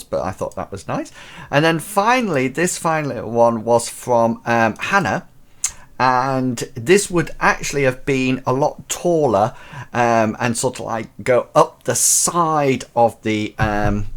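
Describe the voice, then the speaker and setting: A man hosting a casual live show, chatting enthusiastically with many fillers and restarts. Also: fairly low pitch. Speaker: host of a teacher-training live show.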